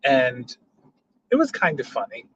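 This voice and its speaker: A man telling stories casually as a passenger in a moving car, animated, jumping into loud high voices for quotes. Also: unhurried, husky. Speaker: passenger and storyteller. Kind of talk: casual storytelling chat. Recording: dull lo-fi sound, faint road hum.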